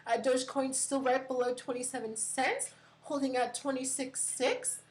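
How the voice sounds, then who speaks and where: A woman's voice: sits high, little pitch movement, moderate pace, rough recording. A woman hosting a casual crypto live stream from her computer, chatty with many fillers and giggles.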